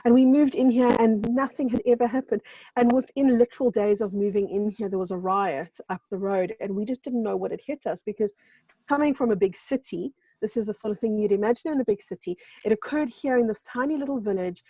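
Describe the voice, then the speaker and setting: An emphatic woman from South Africa talks over a video call, her voice mellow and dark. The sound is dry and somewhat dull, with no room around it. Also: on the high side, brisk, no room sound. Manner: emphatic, repeats phrases for stress. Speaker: show co-host. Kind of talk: casual video-call chat. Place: home in a seaside village.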